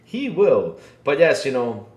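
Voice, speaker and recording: A man hosting a podcast chats casually and jokes a lot, repeating himself and filling gaps. His pitch swings lively up and down. The room adds a roomy echo, and his voice sits in a middle range. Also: measured pace, slight background noise. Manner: animated, joking, lots of fillers and repeats. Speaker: podcast host. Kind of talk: casual chat.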